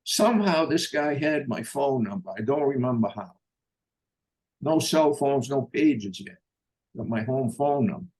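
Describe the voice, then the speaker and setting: A man's voice: medium pitch, animated, a little slow, darkish tone, breathy edge. An older man telling a personal story in a blunt, profane way, acting out the voices of the people he quotes. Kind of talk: casual storytelling.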